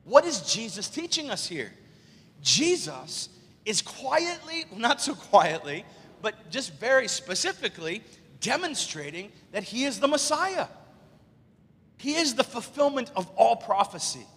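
Excitable high-voiced male preacher in reverb. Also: a little slow, breathy edge. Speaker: pastor. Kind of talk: sermon. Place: large church sanctuary. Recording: long church hall reverb.

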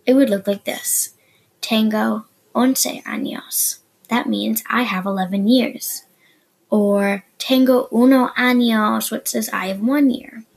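A woman with a breathy, husky voice teaches beginner Spanish on her podcast. She talks casually and explains things plainly. She often drops into soft, murmured asides. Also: medium pitch, poor audio. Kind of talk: casual beginner language lesson.

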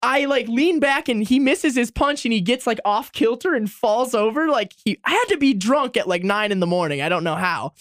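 A man's voice: very high-pitched, expressive, moderate pace, hardly any pauses, fairly bright tone, dry recording, clean studio sound. A young man casually telling a long, profane anecdote to friends on a podcast. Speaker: podcast guest storyteller. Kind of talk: casual storytelling among friends.

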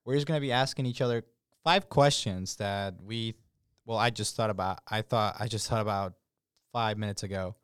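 A man's voice: lowish voice, normal speed, clear, resonant tone, no echo, clean studio sound. A young man co-hosting a podcast in casual chat, hesitant and full of fillers. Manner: hesitant, lots of fillers and laughs. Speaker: podcast co-host.

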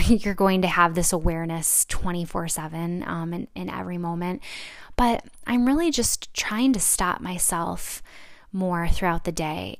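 Chatty young woman with a smooth voice. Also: lowish voice, no echo, studio quality. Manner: reflective, chatty, with many fillers and restarts. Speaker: podcast host. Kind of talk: casual solo podcast talk.

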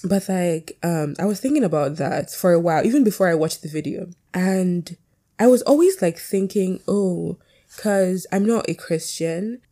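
Low-voiced young woman rambling on a podcast. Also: normal speed, mellow. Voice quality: voice sounds close to crying, cracks. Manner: rambling, frequent "like" and "you know" fillers. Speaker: podcast host. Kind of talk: casual solo podcast chat. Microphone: poor quality home mic.

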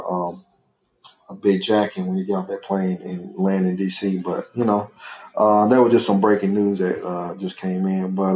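A man's voice: deep voice, darkish tone. A man hosting a podcast with his son, chatting casually in a loose, rambling way and laughing easily. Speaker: podcast host and father. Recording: echoey, dull lo-fi room sound.

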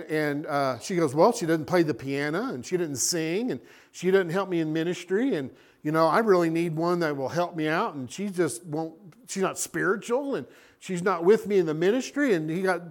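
A man preaching a sermon as a pastor, animated and acting out little scenes. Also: fairly high pitch.

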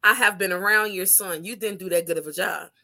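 A woman's voice: lowish voice, fairly quick, sharp tone. A woman co-hosting a casual podcast, speaking bluntly with profanity. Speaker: podcast co-host. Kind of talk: casual opinionated chat.

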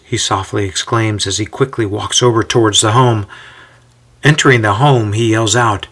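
A man giving a measured, scripted story narration. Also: lowish voice, steady tone, fairly bright tone.

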